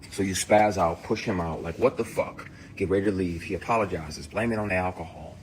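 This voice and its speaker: Man, very low voice, intense straight-to-camera rant, salty and emphatic. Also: fast talker, slight background noise. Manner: emphatic, profane, heated storytelling. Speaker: actor. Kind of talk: impassioned direct-to-camera rant.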